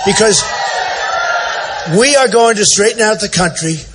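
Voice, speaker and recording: Man in his 60s, political candidate, rambling and braggy rally speech with shouted lines, fairly high voice, faint background noise. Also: lively intonation, measured pace. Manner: boastful, repetitive, off-the-cuff; often shouting to the crowd. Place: large indoor event center.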